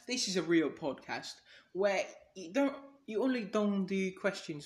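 A man's voice: high-pitched, expressive, measured pace, a little hiss or hum. Rambling, swearing male podcaster. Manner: rambling, swears freely, jumps between subjects, acts out mock dialogue. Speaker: solo podcast host. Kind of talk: casual solo monologue.

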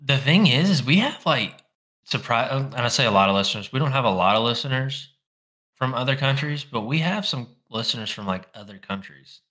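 A young man with a Southern Arkansas accent, co-hosting a podcast in casual chat with teasing, deadpan jokes. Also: mid-range voice, a little fast. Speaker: podcast co-host.

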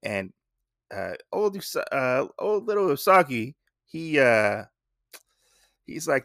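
A man's voice: medium pitch, very animated, takes it slowly, long pauses, a bit bright, no room sound, studio quality. A man hosting a podcast, casually recapping a comic with rambling speech and many fillers. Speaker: podcast host.

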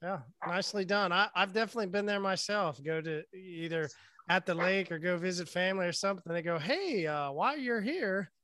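A man's voice: high voice, steady tone, fast, sharp tone, smooth, no room sound. A man hosting a casual chat, telling stories in a loose, profane way. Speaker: host.

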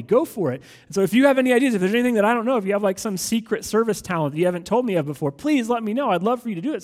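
A man in his thirties preaching a sermon as a pastor, energetic and conversational with animated asides. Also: high voice, in a large hall. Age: 30s.

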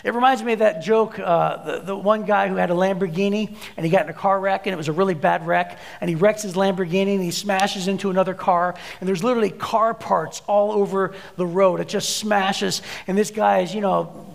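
A man's voice: high-pitched, gravelly. A man preaching a sermon as a pastor, telling stories and acting out the voices in his anecdotes. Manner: storytelling, acts out voices in anecdotes. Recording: long hall reverb.

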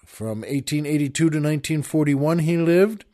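Older man, podcast host, rambling casual storytelling, laughs at his own anecdotes, slightly high voice. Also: normal speed, warm tone.

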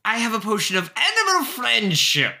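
A man's voice: high voice, wildly swooping pitch, normal speed, vocal fry, sharp tone, voice pushed up, heavily acted. A man doing a pirate-voiced gnome alchemist. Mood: haggling. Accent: put-on pirate accent. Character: gruff male gnome alchemist with a pirate accent, shrewd shopkeeper. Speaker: shopkeeper character.

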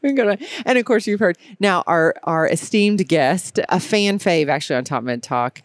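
A woman's voice: fairly low pitch, expressive, normal speed, dry recording, clean studio sound. A woman hosting a podcast interview at a conference, upbeat and chatty, laughing often. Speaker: podcast host. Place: conference exhibit hall.

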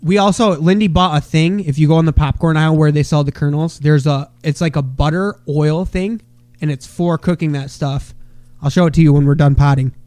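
A man in his thirties hosts a crude comedy podcast in a high, bright-sounding voice. He rambles, swears freely and breaks into loud bursts when quoting people. The sound is close and dry. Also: fairly even intonation, brisk, no echo. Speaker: podcast host.

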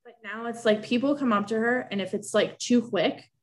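A woman's voice: a little high, fairly quick, crowd noise. A young woman telling a personal story in casual talk, emotional and rambling, with many restarts.

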